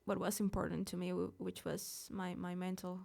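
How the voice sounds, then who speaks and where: A woman's voice: lowish voice, level tone, normal speed, vocal fry, darkish tone. A young woman from Mexico talks candidly in a live interview at a studio event. She speaks with emphasis and often restarts her words mid-thought. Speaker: singer being interviewed.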